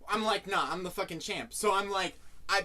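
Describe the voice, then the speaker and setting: A young man telling a funny story among friends, animated, swearing a lot and acting out what he said back then. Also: high voice, normal speed, a loud crowd. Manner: animated, heavy swearing, acts out his own past lines. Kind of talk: casual comic storytelling.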